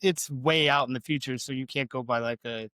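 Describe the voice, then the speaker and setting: A man's voice: mid-range voice, fairly even intonation, brisk, sharp tone, clear, resonant tone, dry recording. A man, co-hosting a podcast in rambling, self-deprecating casual chat. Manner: rambling, self-deprecating, with many fillers and restarts. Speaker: podcast co-host.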